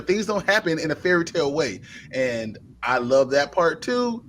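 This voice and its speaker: A man's voice: a little high, big pitch swings, a little slow, a bit bright, slight background noise. A man co-hosting a live movie review show, gushing enthusiastically about a film in casual chat.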